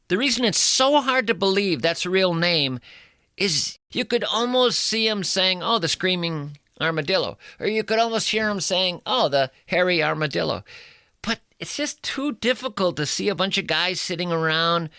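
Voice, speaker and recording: A male radio host doing a comic monologue with playful mock-outrage and drawn-out emphasis. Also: high voice, animated, sharp tone, smooth, no room sound, studio quality.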